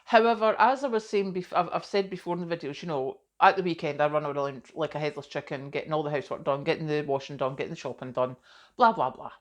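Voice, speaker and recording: A middle-aged woman talking straight to camera in a relaxed vlog. Her voice sits a little low for a woman, and she chats in a self-deprecating way, with plenty of asides. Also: fast talker. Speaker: vlogger. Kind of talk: casual chat to camera.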